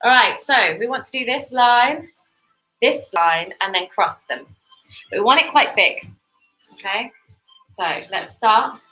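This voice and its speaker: A woman's voice: fairly high pitch, expressive, a little slow, pauses often. A woman with a British accent teaching kids to paint step by step, chatty and encouraging. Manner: encouraging, chatty, laughs easily. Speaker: art teacher co-host. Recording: echoey room with soft music.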